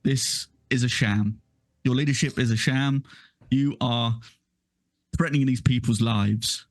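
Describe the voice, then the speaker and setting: A man's voice: medium pitch, steady tone, a little slow, natural voice. A man playing an outspoken father who angrily accuses a village leader. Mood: accusing. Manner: indignant, accusing. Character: angry middle-aged father, outspoken accuser.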